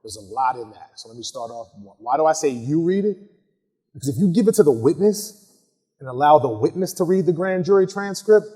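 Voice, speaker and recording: A man's voice: a little high, darkish tone, breathy edge. A man, a criminal defense lawyer, teaching a recorded masterclass in a conversational way, often asking "right?" and restarting sentences. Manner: conversational, tags points with "right?", frequent restarts; reads example lines slowly and dramatically. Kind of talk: recorded legal masterclass lecture.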